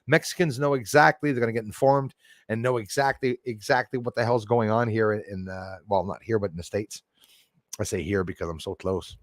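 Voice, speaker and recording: Streaming live from a forest, this man talks to his chat bluntly and profanely, rambling along and brushing off critics with laughter. He speaks a little fast in a fairly low, steady voice with no echo.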